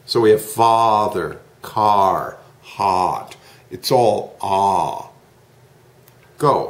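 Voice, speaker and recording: A man teaching English pronunciation in a one-to-one lesson, modelling sounds slowly and patiently. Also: fairly low pitch, lively intonation, echoey room.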